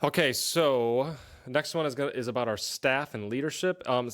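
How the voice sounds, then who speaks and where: Male co-host, mid-pitched, easygoing and affirming, reads out questions in a casual church Q&A. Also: moderate pace, a bit bright. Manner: easygoing, affirming, laughs readily. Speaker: co-host reading survey questions.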